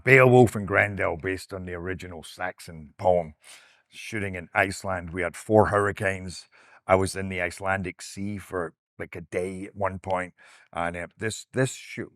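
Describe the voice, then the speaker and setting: A man with a deep, low voice talks casually about the films he has made, skipping from one story to the next with lively enthusiasm. The sound is dry and close, with no room around it. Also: no room sound. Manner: animated, digressive storytelling. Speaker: actor. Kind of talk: casual reminiscing monologue.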